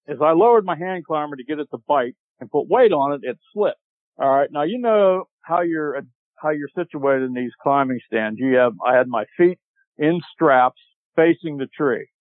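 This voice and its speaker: A man guest on a podcast, telling a long hunting story in a casual, animated way and acting out what people said. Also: a little high, no room sound. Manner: animated storyteller, acts out shouted quotes. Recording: tinny phone-like line, dry.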